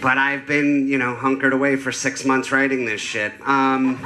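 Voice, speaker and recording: A man doing a stand-up comedy set on a club stage, telling crude deadpan stories into a handheld mic. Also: mid-range voice, normal speed, a little hiss or hum. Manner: deadpan storytelling with crude jokes.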